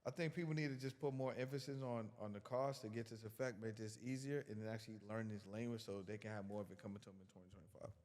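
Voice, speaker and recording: A man's voice: lowish voice, steady tone, fast, hardly any pauses, a little mellow. Emphatic man in a reverberant hall. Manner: emphatic, repeats words, colloquial. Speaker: podcast guest. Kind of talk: casual motivational talk.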